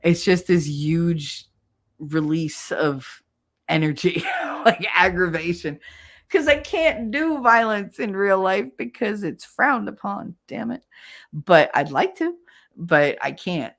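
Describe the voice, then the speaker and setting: Chatty Jersey woman streaming. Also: takes it slowly. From New Jersey. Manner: chatty, animated, laughs often, bursts into high yelling when acting out. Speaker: livestream host. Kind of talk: casual livestream chat.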